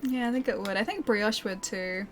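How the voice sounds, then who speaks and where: A woman's voice: mid-range voice, normal speed, slight background noise. A young woman streaming a game, chatting casually with viewers, playful and giggly with lots of mock apologies. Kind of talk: casual gameplay commentary reading chat. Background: game music.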